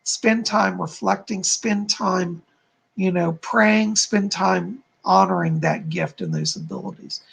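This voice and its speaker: Gravelly-voiced man giving psychic readings. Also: high-pitched, big pitch swings, slow, fairly bright tone. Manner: soothing, calls viewers darling and hon. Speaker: psychic medium host. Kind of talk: live-stream psychic readings.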